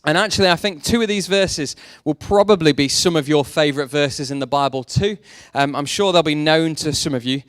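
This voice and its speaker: Speaking briskly with few pauses in a voice on the high side, a young preacher mixes talk of faith with jokey, self-mocking stories about his past. The sermon is recorded dry, at studio quality.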